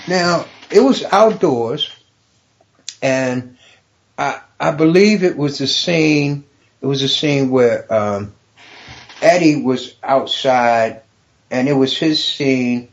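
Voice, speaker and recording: A middle-aged man, a stand-up comedian guest, telling a story in a profane, animated way, laughing often. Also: medium pitch, slow, long pauses. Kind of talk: casual storytelling. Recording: dull lo-fi podcast recording.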